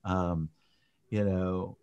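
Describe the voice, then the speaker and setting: A man co-hosting a live podcast in casual chat, upbeat and quick to laugh. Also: deep voice, steady tone, darkish tone, clean tone, muffled recording. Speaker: podcast co-host.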